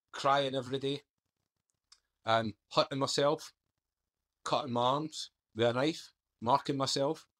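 A man, a guest on a podcast, candidly recounting his past in an earnest storytelling manner. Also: mid-range voice. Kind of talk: interview.

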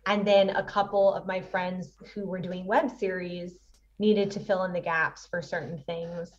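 A woman's voice: lowish voice, level tone, unhurried, recorded from a distance, dull audio. A woman in her thirties, an actress and producer, chatting animatedly as an interview guest and laughing often. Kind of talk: casual interview chat.

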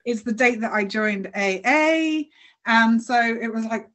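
A woman guest telling a personal story in a casual interview, animated and laughing often as she acts out what people said. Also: a little high, measured pace.

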